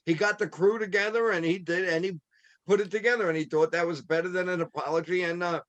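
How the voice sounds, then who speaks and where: A man's voice: high-pitched, fairly even intonation, fast talker, a bit bright. A man co-hosting a podcast, chatting casually in an easygoing, joking way. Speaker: podcast co-host. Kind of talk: casual chat.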